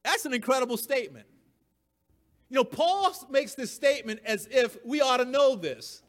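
A man delivering a sermon in a fairly high voice. He talks with emphasis, repeats his key phrases, and chuckles at his own points. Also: animated, moderate pace. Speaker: preacher.

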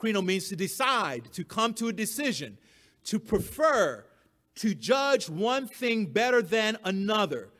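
A man's voice: high-pitched, big pitch swings, unhurried, a bit bright. A man preaching a sermon, emphatic and given to repeating his key phrases, with the odd chuckle at his own points.

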